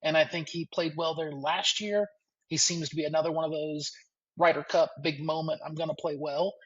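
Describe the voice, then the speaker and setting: A man talks golf as a podcast guest, his voice a little high and husky. He starts hesitantly but sounds keen. The line is dull and lo-fi. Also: steady tone, moderate pace. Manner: hesitant, enthusiastic. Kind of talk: casual sports chat.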